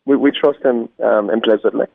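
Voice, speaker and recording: A man's voice: medium pitch, fairly quick, creaky, no echo. Earnest Irish man on a phone line. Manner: earnest, preacherly. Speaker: guest musician. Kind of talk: phone interview.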